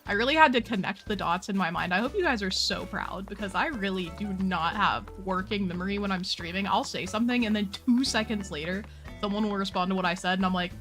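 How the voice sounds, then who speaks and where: A woman live-streaming a game, chatting in a casual, playful way and tossing out blunt opinions between moves. Her voice sits at an ordinary pitch for a woman, and soft game music plays behind her. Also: quick pace.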